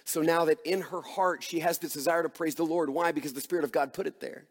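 A man's voice: on the high side, steady tone, fast, big-room sound. A man preaching a sermon as pastor, earnest and emphatic, asking his listeners rhetorical questions.

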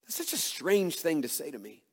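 A male pastor preaching a sermon, emphatic and full of rhetorical questions, swinging between hushed and loud delivery. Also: on the high side, sing-song, moderate pace, slightly rough. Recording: long hall reverb.

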